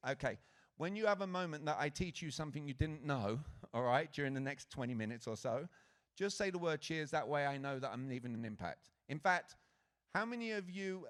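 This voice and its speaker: Man, Britain-raised, slightly high voice, energetic conference speaker, audience-interactive. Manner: lively, engaging the crowd with questions. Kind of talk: motivational stage talk to an audience. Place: conference stage before a live audience. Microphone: handheld stage mic.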